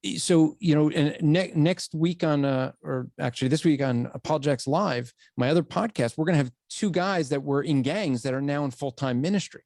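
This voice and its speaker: A man's voice: fairly high pitch, brisk, few pauses, a little mellow, dry recording, studio quality. A man hosting a podcast, talking earnestly in a casual interview and often restarting his sentences. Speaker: podcast host.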